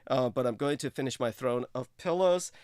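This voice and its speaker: A man in his thirties hosting a casual livestream, effusive and full of hesitant fillers, with sudden high exclamations. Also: a little fast, a little mellow, clear, resonant tone, no room sound, clean studio sound. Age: 30s. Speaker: show host.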